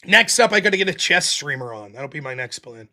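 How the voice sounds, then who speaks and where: A man's voice: a little high, fairly quick. A man with a Pittsburgh accent, hosting a live stream and rambling casually with swearing. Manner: rambling, profane, lively. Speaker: livestream host.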